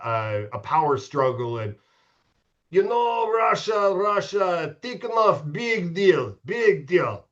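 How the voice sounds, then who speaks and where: A man's voice: mid-range voice, a bit bright, lo-fi sound. Profane middle-aged man telling stories. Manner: profane, laughing storyteller with frequent restarts. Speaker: podcast guest, former hockey goalie. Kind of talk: casual storytelling chat.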